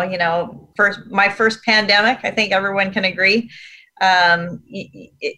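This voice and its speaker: A woman's voice: mid-range voice, bright, forceful tone. A woman speaking as a panel guest on a talk show, thoughtful and loose in her phrasing. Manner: thoughtful, loose with fillers and restarts. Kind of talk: casual discussion.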